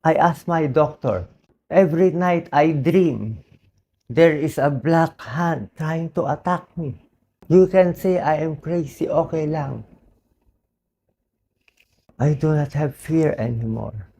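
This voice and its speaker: A hoarse man with a Filipino accent, a doctor giving an earnest, pleading personal monologue. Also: a little high, slow pace, pauses often, mellow, a little hiss or hum. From Philippines. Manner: earnest, pleading, switches between English and Tagalog.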